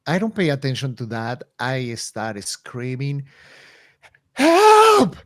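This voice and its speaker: A player in a tabletop game, speaking in a drawn-out way with a voice that swings widely in character. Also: mid-range voice, lively intonation, dry recording, clean studio sound. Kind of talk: tabletop play.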